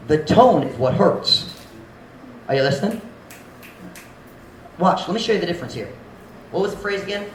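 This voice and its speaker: A male pastor preaching with a high voice that leaps up and down across a wide range, now soft and now booming as he acts out harsh tones. His sermon mixes English and Cebuano. The sound carries the echo of a church room, with faint ambience behind him. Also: animated, moderate pace, long pauses. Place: church sanctuary.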